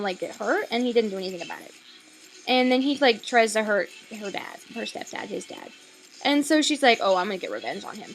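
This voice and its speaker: A young woman delivers a loose, sarcastic film review from home late at night, her voice sitting a little high and leaping up and down as she goes. She swears freely and pads her talk with fillers, and a faint hiss sits underneath. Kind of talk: casual rambling film review.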